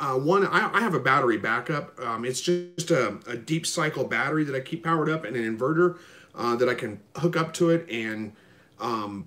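A man hosting a live stream, reading viewer comments and answering them in a relaxed, rambling way with lots of ums. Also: on the high side. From Missouri. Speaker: livestream host answering viewer questions. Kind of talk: casual live chat, reading comments aloud.

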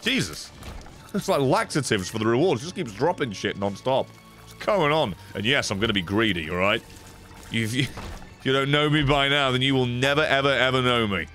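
Here a streamer offers laid-back game commentary at normal speed and medium pitch, full of jokes, excitement, and frequent cursing. Game music can be heard behind him.

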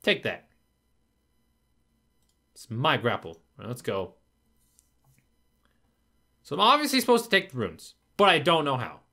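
A man's voice: medium pitch, wildly swooping pitch, a little slow, pauses often, pushed and bright. A man narrating his own gameplay, frustrated and swearing as he talks to himself. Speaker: gaming video creator. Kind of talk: gameplay commentary.

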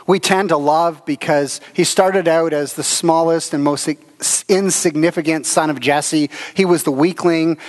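A man's voice: fairly high pitch, big-room sound. A man pastor giving a conversational sermon at a church service, telling stories with chuckles and filler words.

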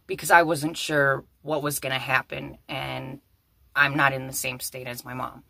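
A young adult woman telling a story to camera in a vlog, excitable and breathless, with many exclamations. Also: deep voice, measured pace, creaky, long pauses, no echo.

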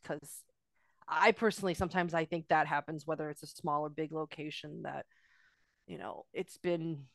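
A woman's voice: deep voice, creaky, dry recording. A woman co-hosting a casual interview, asking questions and encouraging with frequent murmured agreement. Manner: encouraging, frequent "mm-hmm" back-channel. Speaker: co-host.

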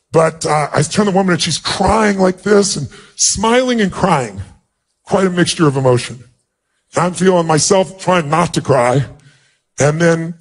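Addressing an audience as a motivational speaker, a man earnestly recounts an emotional personal story, raising his pitch when he acts out dialogue.

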